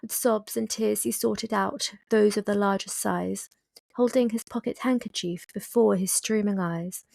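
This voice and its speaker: A woman reading nonsense poetry aloud in a measured, rhythmic manner. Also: mid-range voice, steady tone, gravelly, a little mellow, no room sound. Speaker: poetry reader.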